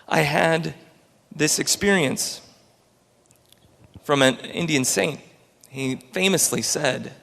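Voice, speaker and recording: A man's voice: on the high side, slow, vocal fry, pauses often, fairly bright tone, in a large hall. A man, an entrepreneur, giving an earnest, story-filled inspirational talk on a large auditorium stage.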